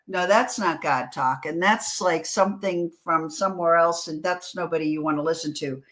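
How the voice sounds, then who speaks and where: A woman from New York, a guest author telling stories in a casual interview, animated and full of quick restarts. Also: fairly low pitch. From New York, USA.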